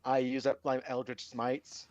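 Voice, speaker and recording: A man's voice: medium pitch, completely flat delivery, a little mellow, dull audio, a little hiss or hum. A man playing in a tabletop game, talking in a casual, rambling way full of fillers and restarts. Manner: rambling, halting, with many fillers. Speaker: player.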